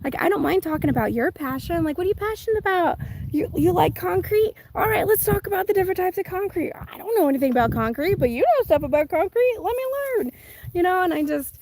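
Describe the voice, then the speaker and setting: A woman with a high voice chats casually on a livestream outdoors. She is giggly and self-deprecating as she reads out viewer comments. The sound comes from a phone or camera set on a table. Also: lively intonation, fast, a little mellow. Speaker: livestream host. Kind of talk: casual live chat, reading comments.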